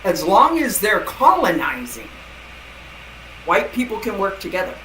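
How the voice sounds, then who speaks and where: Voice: mid-range voice, huge pitch swings, unhurried, a bit bright, echoey room, a little hiss or hum, low-quality recording. A guest in a casual conversation, speaking thoughtfully and searching for words over a remote call.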